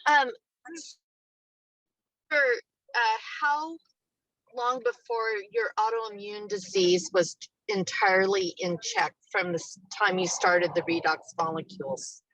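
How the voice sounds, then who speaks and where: A woman on a video call asks a question, halting and hesitant. She has a mid-pitched voice. Her sound is dry, with no room echo. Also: fairly bright tone. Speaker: call participant asking a question.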